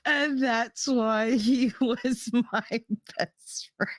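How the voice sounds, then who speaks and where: Woman, stream host, high and slow, dry close mic, keeps cracking up mid-story. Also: steady tone, dry recording. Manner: laughing helplessly through her story. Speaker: livestream host. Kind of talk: casual storytelling chat. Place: room at home.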